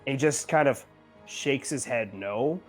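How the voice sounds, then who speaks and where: A man's voice: medium pitch, unhurried, soft background music. A man narrating a tabletop game as game master, loose and full of fillers.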